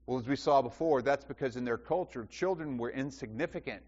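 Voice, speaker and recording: A man's voice: medium pitch, fairly quick, a little mellow. A man preaching a sermon, asking the congregation questions and repeating phrases for emphasis. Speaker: pastor. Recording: dull sound with long hall reverb.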